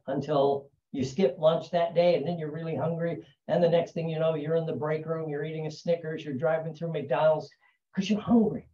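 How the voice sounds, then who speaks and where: A man's voice: a little high, warm tone. A man giving a casual explanatory talk about habits, conversational and repeating "right?" and "you know" often. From United States. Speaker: hypnotherapist talking about habits. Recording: dull, echoey, from a distance.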